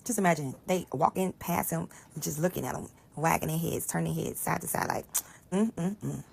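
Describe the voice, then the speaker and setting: A low-pitched woman with a gravelly, husky voice tells a scripture story in casual, conversational talk. She is animated and explains things aloud as she goes. At times her voice sinks to a near whisper. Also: fairly quick. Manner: animated, conversational, often drops to a hushed whisper. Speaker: Bible storyteller.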